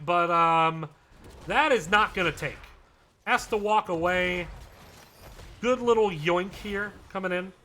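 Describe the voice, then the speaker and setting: Guy casting a live esports match, high voice, chatty play-by-play with little side tangents. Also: sharp tone. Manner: brisk, chatty, with asides. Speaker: esports caster.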